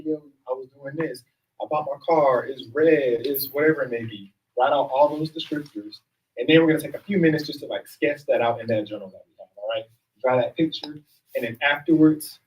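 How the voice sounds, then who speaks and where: An upbeat man runs a group workshop in a room full of people, speaking casually and checking in with the room. His pitch sits in an ordinary middle range, and he is picked up from a little distance away from the mic. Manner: upbeat, casual, keeps checking in with "all right?". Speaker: workshop facilitator and self-help coach.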